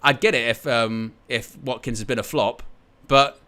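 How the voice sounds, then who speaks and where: A man hosts a live football stream and talks casually to his chat. His voice is bright and forceful, and he rambles in a jokey, sarcastic way. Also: mid-range voice, steady tone, moderate pace. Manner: chatty, rambling, jokey and sarcastic, often laughing.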